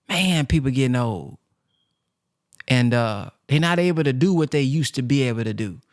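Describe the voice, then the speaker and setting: A man's voice: mid-range voice, expressive, moderate pace, no room sound, clean studio sound. A man talking casually to his viewers, rambling and heartfelt with lots of fillers. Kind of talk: casual personal talk to viewers.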